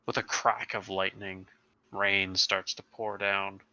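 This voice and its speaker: A man narrating as game master in a tabletop game, setting scenes slowly and descriptively. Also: sits low, level tone, sharp tone, dry recording, dull audio.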